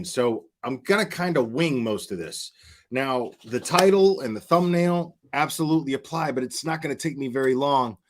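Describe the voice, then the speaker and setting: A man in casual livestream chat, talking slowly with a lively, swinging pitch. He rambles in a chatty way and keeps circling back to restart his sentences. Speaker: livestream host.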